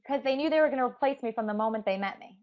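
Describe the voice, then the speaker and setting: A woman talking candidly in an interview, halting with many fillers and restarts. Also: on the high side. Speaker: interviewee, musician. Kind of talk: emotional personal interview. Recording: dull lo-fi sound.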